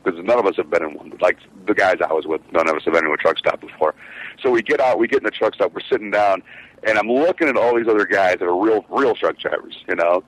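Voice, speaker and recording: Low-voiced, fast-talking, profane storyteller man. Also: expressive, low-quality recording. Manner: rambling, profane storytelling with many fillers. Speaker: truck driver, show regular. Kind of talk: casual podcast chat.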